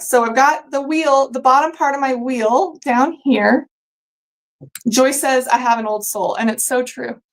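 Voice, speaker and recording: A woman's voice: on the high side, a little hiss or hum, rough recording. A woman hosting a live quilting sewalong, chatting casually and rambling with fillers while she sews at her machine. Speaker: quilting host sewing along live. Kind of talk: casual live-stream chat while sewing.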